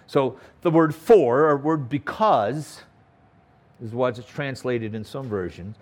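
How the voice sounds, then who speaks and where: A man's voice: on the high side, a bit bright. A man teaching a Bible passage verse by verse, stressing words by repeating them and checking in with "okay?".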